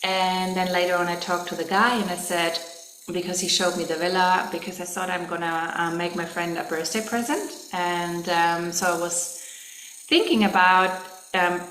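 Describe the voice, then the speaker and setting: A woman's voice: fairly low pitch, steady tone, moderate pace, a bit bright, slight background noise. A woman from Germany, earnest and rambling with frequent ums as she tells a casual story to her vlog camera. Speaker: vlogger. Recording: echoey room with faint ambience.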